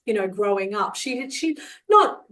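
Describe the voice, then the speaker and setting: A middle-aged woman talks her way through a live psychic reading for a group. Her voice sits at an everyday, middle pitch. She is chatty and affectionate and laughs easily as she goes. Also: very animated, normal speed, fairly bright tone, rough recording. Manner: chatty and affectionate, laughs often, calls people darling. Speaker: psychic medium.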